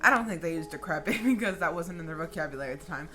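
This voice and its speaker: A vlogger, a woman in her late twenties, tells a story in a casual, animated style full of profanity and dramatic flair. Her voice sits low, and she talks at a racing pace.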